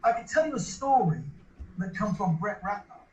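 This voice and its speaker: An interview guest with a high-sitting, darkish male voice tells a long story casually at a moderate pace, sounding animated. He rambles, often restarting and repeating words. The lo-fi recording comes from an echoey room with slight background noise.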